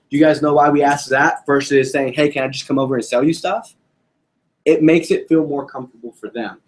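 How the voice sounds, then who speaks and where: A man's voice: on the high side, a little mellow. Casual young man coaching a sales team. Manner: casual, joking, addresses audience with questions. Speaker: sales trainer. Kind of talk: sales training talk to a group.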